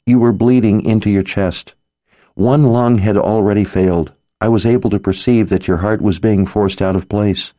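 A man's voice: lowish voice, fairly even intonation, moderate pace, dark tone, no room sound, studio quality, voice pushed up, close to an everyday voice. A man voicing an earnest, worried young female sorceress healer, speaking in a pleading manner.

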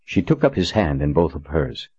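Deep male reader, steady narration; dry, lo-fi booth sound. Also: normal speed, husky, dry recording. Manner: steady, even reading. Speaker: audiobook narrator. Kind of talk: scripted narration. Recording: dull dry recording.

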